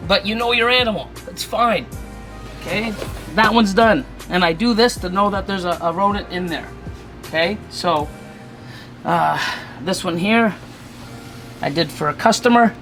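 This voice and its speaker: A reptile breeder talks at a middling pitch through a hands-on feeding demonstration, chatty and reassuring. Now and then they break into mock-panicked asides before calmly setting things straight. Faint music plays under the voice, recorded indoors by the enclosures. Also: measured pace, pauses often. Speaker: ball python breeder. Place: indoors beside snake enclosures.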